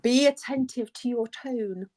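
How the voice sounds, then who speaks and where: A woman's voice: a little high, unhurried. A middle-aged woman, a nurse co-hosting an advice podcast, chatting casually and acting out the phrases she quotes. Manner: animated storyteller, acts out quoted phrases.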